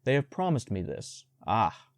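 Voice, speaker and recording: A man's voice: lowish voice, very animated, measured pace, dry recording, clean studio sound. A man voicing a cheeky, boastful young boy raised in the jungle, speaking in a sulky, showing-off way for a storybook audiobook.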